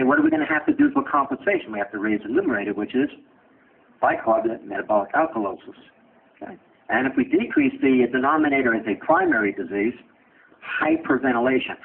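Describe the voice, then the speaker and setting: Gravelly man lecturing in a tinny recording. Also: very high-pitched. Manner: asks and answers his own questions, blunt joking asides. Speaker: medical lecturer. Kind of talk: lecture with questions to students.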